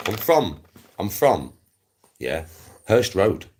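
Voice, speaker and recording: A YouTube host from Smethwick, England, with a Black Country accent, rants bluntly and swearily to his viewers, repeating himself as laughs break in. His low voice is sing-song and extremely slow, buried under heavy background noise.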